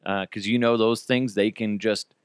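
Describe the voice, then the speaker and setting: A man's voice: fairly low pitch, fairly even intonation, normal speed, smooth, dry recording, studio quality. A man in his thirties hosting a podcast, telling a story in a rambling, self-deprecating way and swearing freely. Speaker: podcast host. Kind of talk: casual storytelling monologue.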